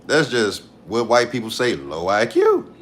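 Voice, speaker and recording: A man in his late thirties talks in at an ordinary middle pitch. He rants casually and bluntly on a livestream, swearing freely and hammering his points home by saying them again. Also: wildly swooping pitch, measured pace, fairly bright tone, a little hiss or hum. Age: 30s. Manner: blunt, profane, repeats himself for emphasis. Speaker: live streamer.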